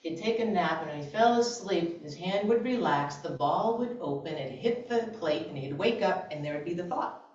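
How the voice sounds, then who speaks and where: A woman giving an animated, conversational inspirational talk to a congregation, laughing often. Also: lowish voice, moderate pace. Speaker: guest speaker at a church service. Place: church sanctuary. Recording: very echoey, distant, dull church recording.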